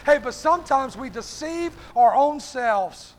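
Male preacher, very high voice, fervent evening sermon, punctuates lines with "hey", calls out congregation members by name. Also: lively intonation, unhurried. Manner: fervent, peppers phrases with "hey"; addresses listeners by name.

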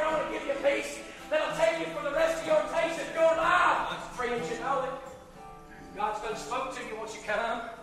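A man preaching an altar call to his church, fervent and pleading, rising to shouts and dropping low. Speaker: pastor. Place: church sanctuary during service. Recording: echoey church from far off with live guitar. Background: guitar playing.

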